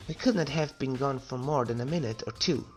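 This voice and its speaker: A man's voice: mid-range voice, brisk, darkish tone, natural voice. A prim, cool-mannered gothic schoolgirl from a video game, put on by a man reading her lines aloud. She speaks politely, in a girlish voice that is put on rather than natural, over faint background music.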